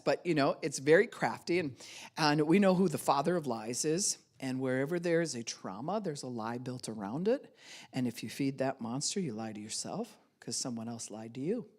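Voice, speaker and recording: A woman pastor preaching in a loose, conversational sermon. She keeps breaking into quick high-pitched voices to play both people in a quarrel, then drops back to her lower speaking tone. Laughter slips into her lines as she goes. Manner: acts out both sides of arguments with sudden high-pitched quoted voices; laughs often while preaching.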